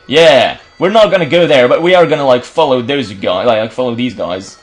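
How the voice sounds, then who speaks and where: A man's voice: mid-range voice, a little fast, hardly any pauses. A young man from Belgium giving casual, joking game commentary and swearing freely. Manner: swearing, joking, laughing at own voices. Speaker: let's-play host. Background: game music.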